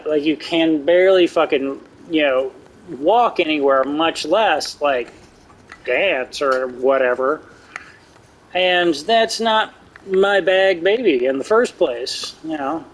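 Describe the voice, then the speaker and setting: A man's voice: a little high, a little hiss or hum, rough recording. A man hosting a gameplay video, telling a long story in a casual, rambling, profane way. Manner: laid-back, profane, rambling. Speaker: gaming channel host. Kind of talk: casual storytelling while playing.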